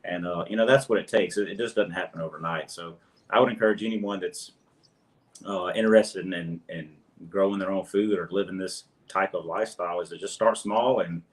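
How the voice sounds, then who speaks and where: A man's voice: sits low, a little fast. A man with a Louisiana accent, a guest homesteader talking in a hesitant, earnest way, often repeating words. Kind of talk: casual interview chat.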